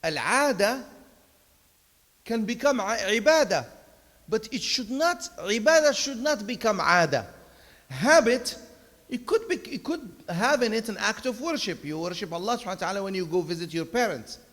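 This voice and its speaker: High-voiced man preaching in an echoing hall. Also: big pitch swings, moderate pace. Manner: conversational preaching with emphatic bursts and soft storytelling asides. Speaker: imam giving Friday khutbah. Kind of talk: sermon. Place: mosque prayer hall. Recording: long reverb of a large hall.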